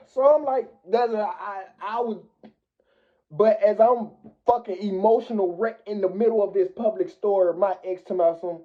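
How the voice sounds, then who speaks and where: A young man telling a personal story in casual, profane slang that jumps loud and high as he retells it. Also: moderate pace. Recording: tinny phone-like audio.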